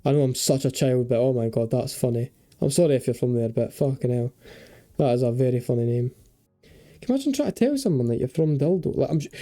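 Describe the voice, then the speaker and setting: A young gaming video creator plays a geography game, thinking aloud in chatty, casual commentary and swearing and joking freely. His voice is medium-pitched and mellow.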